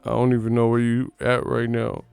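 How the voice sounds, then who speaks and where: A man imitating a mumbling, awkward male basketball star who talks in a flat, halting way. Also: mid-range voice, vocal fry, clear, resonant tone, no echo, studio quality, lightly acted.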